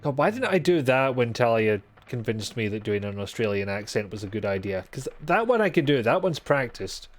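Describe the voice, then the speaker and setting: A man's voice: medium pitch, big pitch swings, fairly quick, hardly any pauses. A man streaming a video game live, commenting in a sweary, exasperated and sarcastic way.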